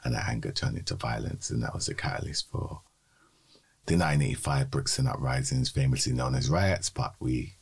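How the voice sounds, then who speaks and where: In a podcast conversation, a co-host from London recounts his personal story in a steady, measured manner. His strikingly deep voice carries a husky, breathy edge.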